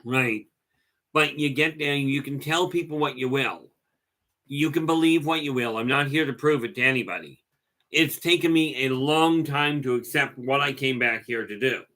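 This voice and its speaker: A middle-aged man talks to his livestream viewers in a loose, folksy, storytelling way. His voice has a bright, forward edge, and he often repeats a word or two before finishing his thought. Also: mid-range voice, normal speed. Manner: folksy, digressive, repeats words while talking. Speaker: livestream host. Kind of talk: rambling casual storytelling.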